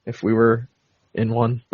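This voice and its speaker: A man's voice: mid-range voice, completely flat delivery, takes it slowly, husky, no echo, dull audio. A man co-hosting a podcast, casually retelling a film's plot in a rambling way, full of fillers. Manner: rambling, many fillers and laughs. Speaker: podcast co-host. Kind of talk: casual movie recap chat.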